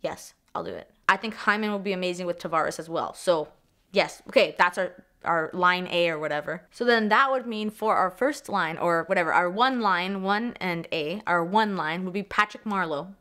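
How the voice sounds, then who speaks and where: A young woman from Canada chatting excitedly as a sports vlogger, swearing freely, repeating herself and trailing off mid-thought. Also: lowish voice, moderate pace. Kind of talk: excited casual vlog chat.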